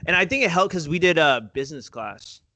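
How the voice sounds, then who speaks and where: A young man chats loosely on a podcast, his voice sitting a little high for a man. He talks in slang, says "dude" and "bro" constantly, and swears freely. The recording is dry with no room sound. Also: expressive, fairly quick, sharp tone, no echo. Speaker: podcast co-host. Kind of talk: casual chat.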